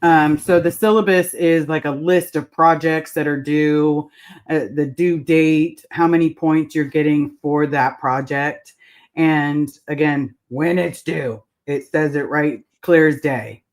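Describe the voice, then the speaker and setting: A woman's voice: low-pitched, fairly even intonation, slow. A woman guest in a casual chat, explaining things step by step.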